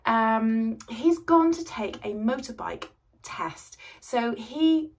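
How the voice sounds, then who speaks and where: A middle-aged woman with a slightly husky voice from a cold, chatting casually and rambling to camera at home. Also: fairly high pitch, animated, slow pace. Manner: chatty, rambling, self-deprecating. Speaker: sewing vlogger. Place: at home, indoors.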